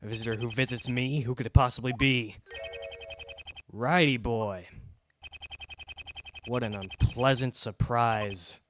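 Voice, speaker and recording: A man's voice: mid-range voice, fairly even intonation, measured pace, long pauses, a bit bright, lightly acted. A man voicing a rambling, unhinged male prisoner villain with a gleeful, erratic manner over game music. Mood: manic, mocking. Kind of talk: let's play voice acting.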